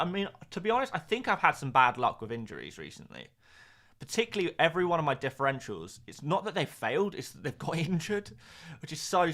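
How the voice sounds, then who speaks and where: A man's voice: mid-range voice, a bit bright. A young man hosting a live fantasy football stream, talking casually in a rambling, sarcastic way.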